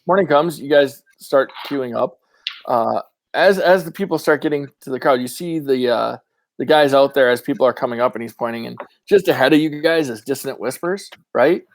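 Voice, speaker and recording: A man running a tabletop game as game master, narrating in a relaxed, rambling way. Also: mid-range voice, moderate pace, dry recording.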